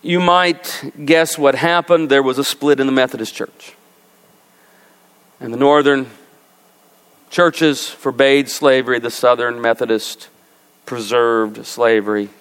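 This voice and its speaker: A man preaching a sermon as pastor, animated and rising to emphatic peaks. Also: medium pitch, unhurried, pauses often, clean tone. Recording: long reverb of a large hall.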